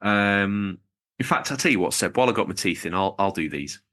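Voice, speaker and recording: A man's voice: fairly low pitch, expressive, fairly quick, sharp tone. A man co-hosting a podcast, chatting in a jokey, rambling way while reading out supporters. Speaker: podcast co-host. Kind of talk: casual podcast chat.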